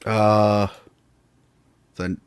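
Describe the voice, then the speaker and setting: A man co-hosting a podcast, talking in a casual, animated way, often laughing and saying "like". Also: fairly low pitch, clear, resonant tone. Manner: animated, quick to laugh, lots of "like". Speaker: podcast co-host. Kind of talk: casual chat.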